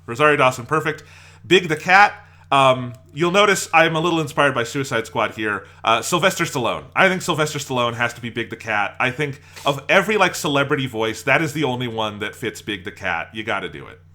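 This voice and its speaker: In a sharp, mid-range voice, a man co-hosting a podcast talks a little fast and animatedly. The chat is casual and enthusiastic, and he rambles a bit and laughs a lot.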